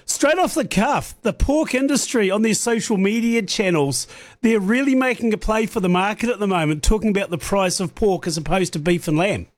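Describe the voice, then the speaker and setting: A man's voice: sits high, moderate pace, no room sound. A New man hosting a farming radio show, chatty and joking as he interviews a guest over the line. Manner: jokey, chatty, punning.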